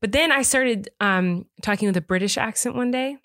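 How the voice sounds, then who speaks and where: A woman in her thirties co-hosting a podcast, chatting casually and telling stories in an animated way. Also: a little high, dry recording, clean studio sound. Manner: chatty, animated storytelling with quick laughs. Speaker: podcast co-host. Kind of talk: casual chat.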